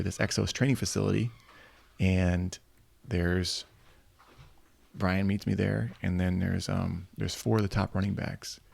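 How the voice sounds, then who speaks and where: This Michigan football coach, middle-aged with a low, creaky voice, spins lively anecdotes in a relaxed interview. He performs the quoted lines in character as he goes.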